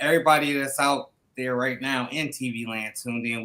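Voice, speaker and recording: A man's voice: medium pitch, fairly even intonation, normal speed, few pauses, sharp tone. A man hosting a podcast, opening the show with hype, slangy greetings. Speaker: podcast host.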